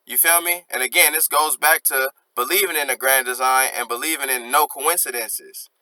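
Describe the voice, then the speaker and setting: A man's voice: medium pitch, normal speed, sharp tone, no echo, rough recording. A young man casually breaking down rap lyrics, reflective and earnest, dropping slang and reciting lines as he goes. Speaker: music reaction host.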